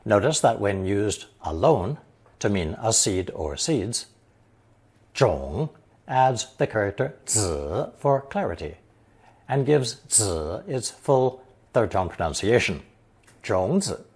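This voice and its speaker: A man narrating a scripted language lesson, explaining slowly and carefully and reading example sentences aloud. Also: lowish voice, sing-song, darkish tone, slightly rough. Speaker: language teacher.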